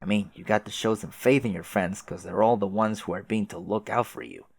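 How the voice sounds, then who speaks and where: A man's voice: lowish voice, steady tone, brisk, husky, no echo. Man reading as a drawling, swearing troll clown. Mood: laid-back. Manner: drawling, easygoing, loud, profane. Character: laid-back swearing young male troll clown.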